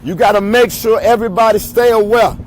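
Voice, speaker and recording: A man's voice: sits high, brisk, poor audio. A man giving a livestreamed protest speech outdoors into a phone, chanting and rallying.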